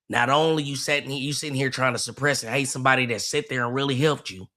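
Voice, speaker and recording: A man's voice: mid-range voice, bright, forceful tone. A man reacting to a clip on his livestream, mocking and repeating himself, stumbling over restarts. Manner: mocking, repetitive, stammers and restarts. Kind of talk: heated livestream commentary.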